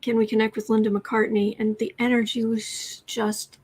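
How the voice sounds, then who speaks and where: A woman's voice: a little high, level tone, moderate pace, a little mellow, breathy edge. A woman tarot reader chatting on a live stream, reading viewer questions aloud and cooing to her cat between them.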